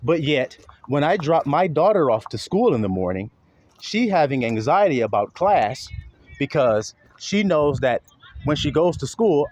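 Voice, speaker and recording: A man's voice: a little high, slight background noise. A man delivering an impassioned spoken monologue, preachy and blunt, swearing freely and slipping into mocking sarcasm. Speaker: online commentator; father.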